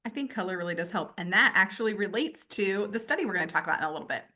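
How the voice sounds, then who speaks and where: Woman co-host with a bright, forceful voice; eager interviewer. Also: mid-range voice, animated, racing. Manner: eager, asks follow-up questions. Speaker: podcast co-host. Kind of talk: casual chat.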